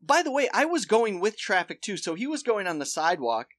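Podcast co-host, male, bright dry voice, animated swearing storyteller. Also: high voice, brisk, no echo. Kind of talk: casual chat.

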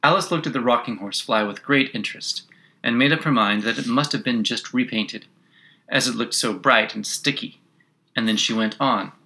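A man narrating a children's classic as an audiobook, measured and expressive. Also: medium pitch.

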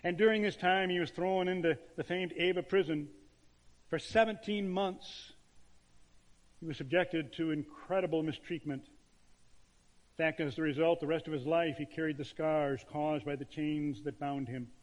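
A man, a pastor, preaching a sermon with emphatic phrasing and dramatic pauses. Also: fairly high pitch, fairly even intonation, in a large hall.

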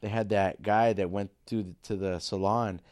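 A man's voice: fairly low pitch, normal speed, no room sound, clean studio sound. A man, a pro MMA fighter, telling stories in casual chat and acting out the voices of the people in them. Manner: animated, acts out voices in his stories, swears freely.

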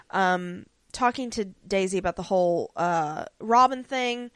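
A woman in casual podcast chat, recapping an episode with loose, filler-heavy talk. Her voice sits mid-range and sounds dry and close, with no room around it. Now and then she breaks into quick impressions of the characters. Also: mid-range voice, a bit bright, smooth, dry recording. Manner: chatty, many ums and likes, acts out lines in quotes.

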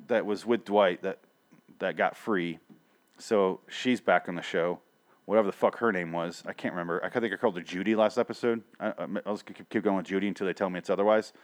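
A man hosting a casual TV review show, rambling and swearing, often stopping mid-sentence to restart. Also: fairly low pitch. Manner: rambling, profane, self-interrupting. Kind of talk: casual solo review chat.

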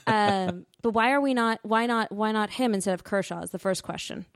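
A woman co-hosting a casual sports podcast, making wry, deadpan jokes. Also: mid-range voice, brisk, no echo, clean studio sound. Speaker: podcast co-host.

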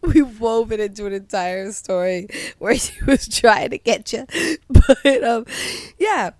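Slow and animated, this young woman speaks on the high side with a slightly mellow tone, captured cleanly in the studio without room sound. Sick with a cold, she shares a funny story casually, giggling throughout her sentences and leaning heavily on "like."

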